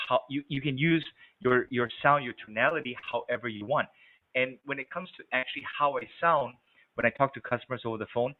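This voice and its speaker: A man runs a sales lesson in a lively, coaching manner, switching his tone to show each technique. His voice sits in a middling register. It comes through thin and boxy, like a phone call. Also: medium pitch. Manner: energetic, coaching, demonstrates voice tones. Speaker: sales trainer. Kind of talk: instructional talk. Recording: narrow phone-like sound.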